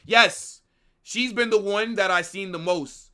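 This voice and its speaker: A man's voice: high-pitched, takes it slowly, pushed and bright, clear, resonant tone. A young man casually chatting to his live-stream viewers in a slangy, rambling way. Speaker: watch-along streamer.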